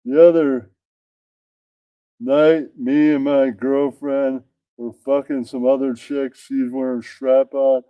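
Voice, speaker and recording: A man reading out a crude comedy bit, profane and deadpan, tagging his jokes. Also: mid-range voice, slow, clean tone, no echo. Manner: profane, deadpan, tags jokes with "that's right". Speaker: comedy reader.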